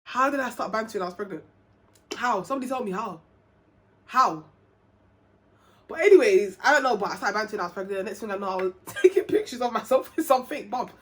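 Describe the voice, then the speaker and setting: A woman's voice: mid-range voice, quick pace, pauses often. Young woman, chatty vlogger, tells a story and voices the people in it. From England. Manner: chatty, animated, acts out quoted dialogue. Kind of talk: casual storytelling to camera.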